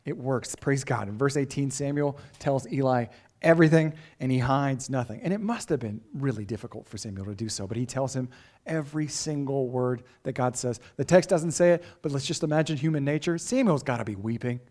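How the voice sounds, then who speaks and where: A man's voice: medium pitch, lively intonation, fairly quick, darkish tone. A pastor delivering a sermon in an earnest, emphatic way, often asking his listeners rhetorical questions.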